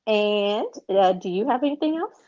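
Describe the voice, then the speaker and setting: A woman's voice: mid-range voice, animated, normal speed, warm tone, no echo. An American woman co-hosting a podcast in a casual, rambling chat, with many fillers. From United States. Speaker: podcast co-host. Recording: dull, dry lo-fi sound.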